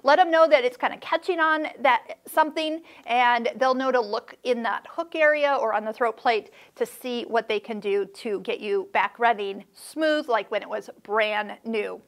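A woman's voice: a little high, normal speed, few pauses. A middle-aged woman hosting a sewing vlog, chatting casually with playful, reassuring asides. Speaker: sewing channel host.

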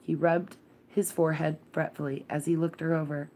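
Woman storyteller, deep voice, calm measured bedtime narration. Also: slight background noise. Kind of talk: bedtime read-aloud of a classic novel.

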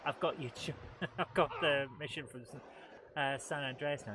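A man's voice: fairly high pitch, moderate pace. Chatty man over game noise. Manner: chatty, self-mocking, talks to chat. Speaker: game streamer. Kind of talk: live let's-play commentary. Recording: game sounds noisy underneath. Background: game engine and vehicle noise.

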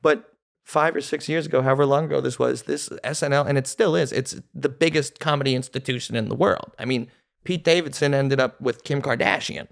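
Gravelly-voiced male comedian. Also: medium pitch, brisk. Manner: animated, storytelling. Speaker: comedian guest. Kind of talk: casual podcast storytelling.

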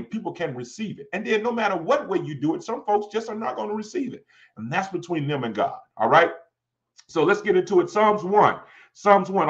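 Animated forty-something preacher, high lively voice. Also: male voice, dull audio. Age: 40s. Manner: lively, talks to the congregation, repeats "all right?". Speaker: pastor. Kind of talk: conversational Bible teaching. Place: church.

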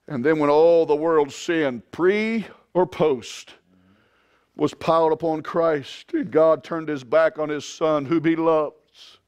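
A man preaching a sermon as pastor, swinging from quiet, drawn-out lines to loud shouted climaxes. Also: on the high side. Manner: impassioned preaching, rising to shouts.

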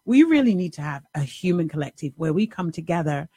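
A woman, host and life coach, telling a story in an animated, casual monologue, acting out the dialogue and swearing now and then. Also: low-pitched, a little fast, breathy edge, no echo, clean studio sound.

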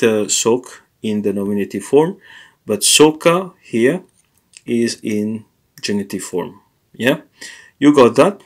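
Slow, hesitant male language teacher. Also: medium pitch. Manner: hesitant, pauses with frequent fillers and corrects himself. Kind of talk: explaining a grammar lesson.

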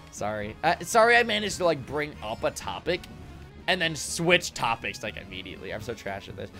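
A young man streaming a game from a home room with acoustic foam, rambling excitably, swearing and laughing often. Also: medium pitch, moderate pace, faint music behind. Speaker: gaming streamer. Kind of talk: casual live-stream commentary while gaming.

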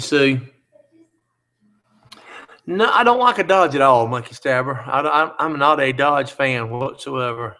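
A man's voice: medium pitch, pushed and bright. A man hosting a live chat, reading out viewer comments and teasing them in a joking, easygoing way.

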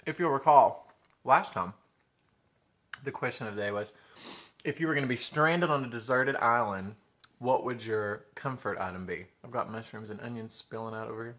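A man's voice: medium pitch, moderate pace, fairly bright tone. A man, chatting casually to camera while he eats in a home eating show. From Tennessee. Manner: chatty, talks while eating, drawling "y'all". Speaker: mukbang vlogger.

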